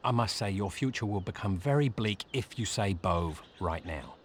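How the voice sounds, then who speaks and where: A man's voice: fairly low pitch, expressive, moderate pace, slight background noise, close to an everyday voice. An actor playing a snarky, greedy male bard anti-hero in a video game, with dry, mocking quips. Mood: sardonic.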